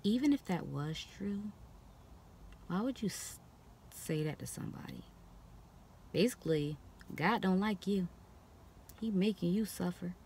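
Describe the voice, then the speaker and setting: A woman's voice: fairly low pitch, measured pace, pauses often, a little hiss or hum. A young woman in a casual talking-to-camera vlog, speaking frankly and bluntly and acting out the things people say to her in mocking voices. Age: young adult. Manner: animated, expressive, quoting others in mocking voices. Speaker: vlogger.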